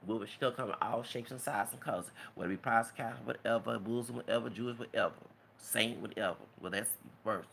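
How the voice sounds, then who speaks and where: A man's voice: mid-range voice, quick pace, gravelly, few pauses, fairly bright tone, slight background noise. A man giving an emotional, preachy, rambling rant as a vlogger. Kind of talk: impassioned rant to camera.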